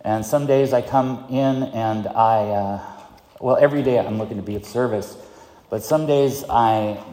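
A man's voice: on the low side, a little slow, warm tone, echoey room, in a large hall. A middle-aged man giving a candid, self-mocking personal testimony at a recovery meeting, chuckling often as he talks. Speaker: speaker sharing at a recovery meeting.

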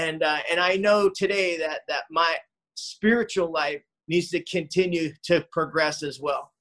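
A middle-aged man speaking from his living room over a home call mic, telling his story in an earnest, heartfelt way. His voice sits a little high for a man. He stumbles, restarts and fills gaps with ums and you-knows. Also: fairly bright tone, poor audio. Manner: halting, full of fillers and restarts. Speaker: speaker at a recovery meeting. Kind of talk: personal recovery story.

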